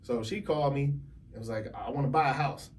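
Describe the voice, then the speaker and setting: A man telling a story on a podcast as a realtor guest, animated and laughing often as he acts out other people's lines. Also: medium pitch, quick pace, far from the mic, slight background noise. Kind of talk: casual storytelling.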